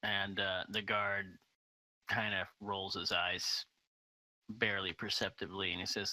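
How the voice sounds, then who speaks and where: A man running a tabletop game, narrating in a relaxed way with plenty of ums and uhs. His voice is low-pitched and unusually bright, and he talks slowly. The recording is close and dry. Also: rough recording. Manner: relaxed, filler-heavy narration. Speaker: game master.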